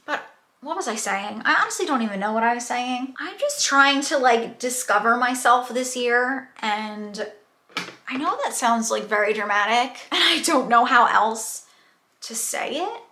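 A woman's voice: on the high side, lively intonation, moderate pace, pushed and bright, echoey room. A young woman rambling candidly as she does her makeup in a casual get-ready-with-me chat. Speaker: beauty vlogger.

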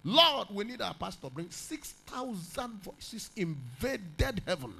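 High, gravelly, dramatic male preacher. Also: very animated, takes it slowly, rough recording. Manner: dramatic preaching, swinging from shouted peaks to quiet storytelling. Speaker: pastor. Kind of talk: sermon.

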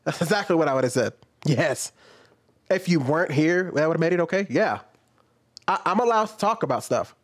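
A man reacts casually to a clip at a fairly quick pace, animated and laughing as he acts out comebacks in a lower, mocking voice.

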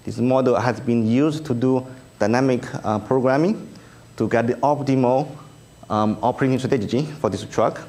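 A man whose first language is Chinese, speaking with a Chinese accent, presents slides at an engineering research review in a conference room. His mellow, medium-pitched delivery is halting, full of ums and uhs, with light self-deprecating humor.

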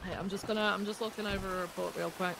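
Woman playing a halting cop, broken english, gravelly voice, noisy audio. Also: medium pitch, steady tone, close to an everyday voice. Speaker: police ride-along partner. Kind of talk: role-play game chat.

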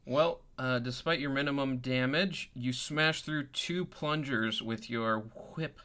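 A man's voice: mid-range voice, slow, bright, forceful tone. A man running a tabletop game as dungeon master, narrating in an easygoing, chatty way and laughing often.

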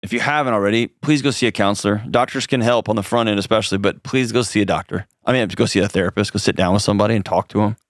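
A man's voice: lowish voice, rapid-fire, hardly any pauses, dry recording, studio quality. A man hosting a call-in advice show, coaching a caller in an earnest, direct way with frequent restarts.

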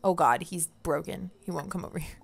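A woman gaming YouTuber giving chatty, excitable let's play commentary, reading game text and reacting aloud. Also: on the low side, fairly quick, vocal fry, husky. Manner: chatty, excitable, laughs often.

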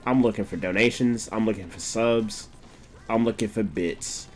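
A young man streaming a game, chatting casually, swearing often and breaking into laughter and excited outbursts. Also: lowish voice, normal speed, faint music behind. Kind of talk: casual gameplay commentary.

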